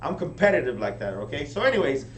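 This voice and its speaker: A man giving a high-energy motivational training talk to a live audience, often checking in with them. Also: quick pace. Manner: energetic, keeps asking the crowd "right?". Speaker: business team leader training recruits. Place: meeting room with an audience. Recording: echoey room, distant mic, faint hum.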